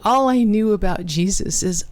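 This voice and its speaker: A woman and ministry cofounder giving an earnest, emotional personal testimony, with dramatic pauses. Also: medium pitch, darkish tone. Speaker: ministry cofounder and conference speaker.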